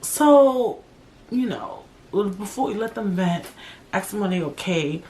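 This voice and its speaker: A woman's voice: medium pitch, takes it slowly, slight background noise. A young woman hosting a solo podcast, talking casually and bluntly, with a lot of swearing and slang. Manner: blunt, profane, animated, drawling slang. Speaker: podcast host.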